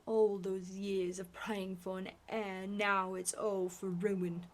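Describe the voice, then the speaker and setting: A woman's voice: mid-range voice, level tone, takes it slowly, close to an everyday voice. A woman whispering as a raging old duke. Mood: despairing. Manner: blustering, shouting in bursts. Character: stern, furious old duke obsessed with bloodline. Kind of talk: whispered role-play.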